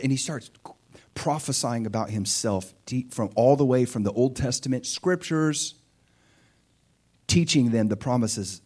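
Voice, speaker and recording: Animated man preaching a sermon. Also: mid-range voice, moderate pace, breathy edge. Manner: animated storytelling, acts out voices of biblical figures. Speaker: pastor.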